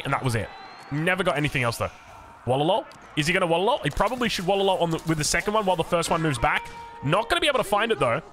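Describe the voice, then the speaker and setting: Australian male game caster, bright and animated, chatty play-by-play. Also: fairly high pitch. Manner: chatty, self-mocking asides. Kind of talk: esports commentary.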